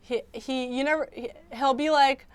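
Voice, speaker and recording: A woman's voice: high voice, steady tone, moderate pace, clean tone, no room sound. A young woman hosting a livestream, chatting casually and rambling with lots of "like" and restarts. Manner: rambling, filler-heavy, many restarts. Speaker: livestream host.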